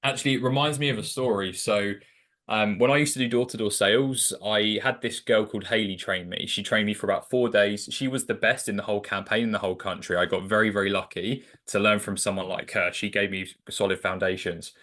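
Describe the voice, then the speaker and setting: Man with a slightly low voice, relaxed conversational guest telling stories. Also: fairly quick. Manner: loose, chatty, many "like" fillers. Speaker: sales coach guest. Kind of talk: casual conversational storytelling.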